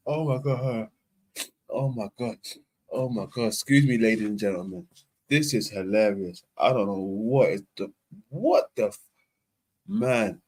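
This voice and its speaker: A man's voice: lowish voice, unhurried, darkish tone. A man on a live stream panel, laughing to tears with a runny nose, exclaiming and cursing between fits of laughter.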